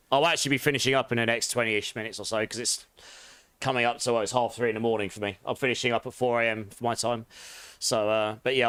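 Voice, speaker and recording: This man has a medium-pitched, clear, resonant voice, recorded with no room sound. Streaming a game live, he chats casually in London and Essex English touched with posh, staying relaxed, answering messages from chat and laughing a lot.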